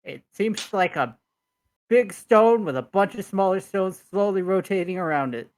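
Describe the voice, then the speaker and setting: A woman narrating a tabletop role-playing game as dungeon master, relaxed and a little hesitant. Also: medium pitch, normal speed.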